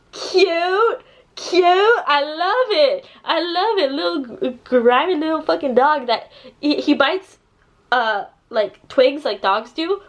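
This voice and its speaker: A woman's voice: sits high, poor audio. A woman ranting through a book review in casual chat, sarcastic and full of swearing, acting out characters' lines. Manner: sarcastic, swears a lot, animated quoting.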